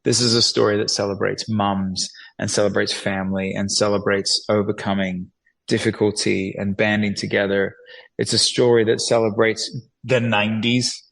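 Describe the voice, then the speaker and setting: A man's voice: lowish voice, flat delivery, moderate pace, gravelly, fairly bright tone, rough recording. A man guest in an interview, talking earnestly and animatedly, often restarting sentences and acting out little quotes. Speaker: guest, musician and filmmaker. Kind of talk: reflective conversational interview.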